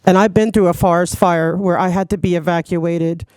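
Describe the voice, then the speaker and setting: A woman from Los Angeles giving a public comment at a city commission meeting, choked up and tearful, pleading earnestly with halting restarts. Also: on the low side, steady tone, a little mellow, no echo.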